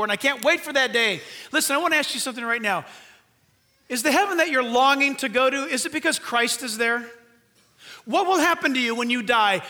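An older man preaching a sermon in a high, nasal voice, earnest and emphatic, with rhetorical questions and touches of humor. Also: pushed and bright. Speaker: pastor.

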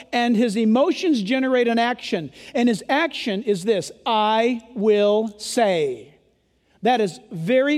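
Man preaching a sermon, very high voice, emphatic and at times yelling, long church reverb. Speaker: pastor. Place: church sanctuary during a service.

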